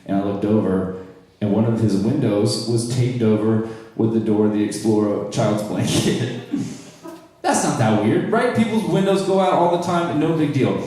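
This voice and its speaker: A man's voice: lowish voice, moderate pace, warm tone. A young man from North Charleston performing a stand-up comedy set to a small crowd, with wry, self-deprecating crowd work. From North Charleston, South Carolina, USA. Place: small live comedy room. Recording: echoey room from a distant mic.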